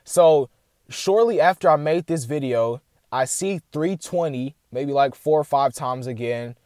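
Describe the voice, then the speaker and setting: A man's voice: a little high, unhurried, no room sound. Rambling young man, dry close sound. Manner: rambling, heavy "like" filler, addresses "guys"; excited and animated retelling. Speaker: vlogger sharing a dream. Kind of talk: casual chat to camera.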